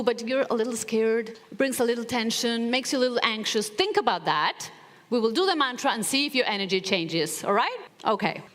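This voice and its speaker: A woman motivational speaker giving a live talk to an audience, telling stories and acting out dialogue with animation. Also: on the high side. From Latin America. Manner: animated storytelling, acts out dialogue. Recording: hall reverb from a live stage.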